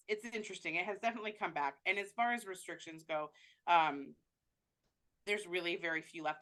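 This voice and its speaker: Low-voiced chatty woman travel agent. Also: bright, forceful tone. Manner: chatty, many fillers and restarts. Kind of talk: casual interview answers.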